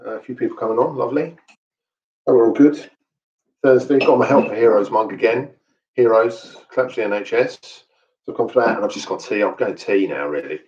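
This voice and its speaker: A man's voice: fairly low pitch, brisk, a little mellow. A man from London hosting a casual online training session, chatty and jokey with plenty of fillers. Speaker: host and trainer. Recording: echoey room, distant mic, dull sound.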